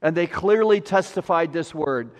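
High-voiced animated preacher man. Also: normal speed, big-room sound. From Wisconsin. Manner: animated preaching, rising to near-shouts on prayers. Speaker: pastor. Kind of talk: sermon.

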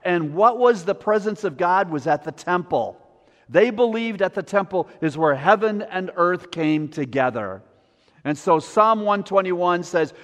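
High-voiced animated preacher man. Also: measured pace, long reverb tail. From Wisconsin. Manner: animated preaching, rising to near-shouts on prayers. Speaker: pastor. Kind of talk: sermon.

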